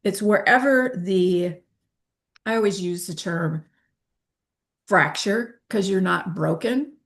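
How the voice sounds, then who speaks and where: A woman's voice: mid-range voice, slow pace. A woman in her fifties, an interview guest who talks candidly and acts out the dialogue she quotes. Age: 50s.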